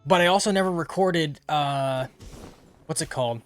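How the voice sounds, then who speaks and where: A man chats his way through a game stream in a rambling, casual way, his voice sitting a bit high. He wanders between thoughts while playing. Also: normal speed, smooth, soft background music. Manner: rambling, many fillers, chatty. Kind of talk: casual gameplay commentary.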